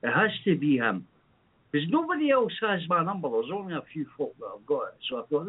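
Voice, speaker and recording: A man with a Scottish accent co-hosting an internet radio show, telling an anecdote in an animated, profane way. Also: a little high, brisk, breathy edge. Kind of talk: casual chat, anecdote. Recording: tinny phone-like line.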